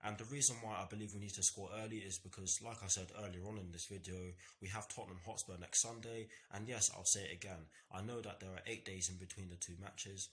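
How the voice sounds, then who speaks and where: A man's voice: sits low, fairly even intonation, quick pace, hardly any pauses, fairly bright tone, a little hiss or hum. A young man hosting a football fan vlog, talking earnestly in repetitive phrases with some stammering. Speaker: football fan channel host. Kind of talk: match preview vlog.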